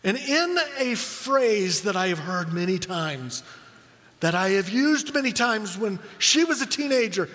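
A middle-aged man preaching a sermon as a pastor, telling stories with animated quoted voices. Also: high voice, measured pace, in a large hall.

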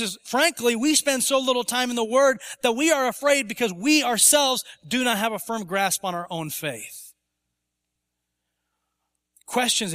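A man preaching a sermon in a church, his voice pitched high and sounding bright and forceful. He is emphatic, at times lifting his voice to act out the objections he answers. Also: long reverb tail. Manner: emphatic, rising to voice imagined objections. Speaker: pastor. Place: church sanctuary.

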